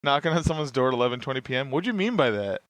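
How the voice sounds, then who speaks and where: A man's voice: mid-range voice, big pitch swings, racing, a bit bright, no echo. A young man hosting a talk show, riffing on comedic bits with lots of swearing and laughter. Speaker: podcast host. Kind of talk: casual comedic banter.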